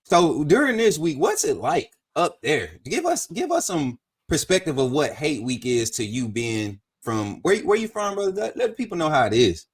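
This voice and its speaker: A man hosting a casual sports talk livestream, chatty and energetic as he hypes the audience. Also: a little high, moderate pace, hardly any pauses, husky. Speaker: show host.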